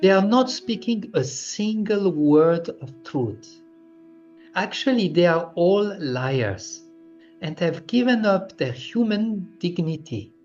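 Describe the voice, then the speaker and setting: A cheeky little cowherd boy, as a male reader voices him, full of defiance and quick to shout back taunts. His lines leap up high and loud with a lively, swinging pitch. The storybook reading has a dull lo-fi sound with faint music underneath. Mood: pleading.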